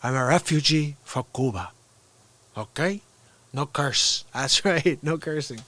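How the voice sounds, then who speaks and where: A man's voice: on the high side, unhurried, pushed and bright. A man putting on a swaggering Cuban gangster. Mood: tough. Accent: Cuban Spanish, put on. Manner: tough, punctuates lines with "okay?". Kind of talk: comedic movie-character impression.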